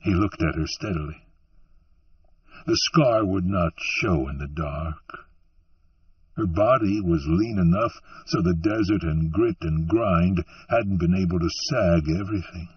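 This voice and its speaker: Measured male audiobook narrator, slow and dramatic; dry sound, dull and recorded from afar. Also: low-pitched, husky, no echo, far from the mic.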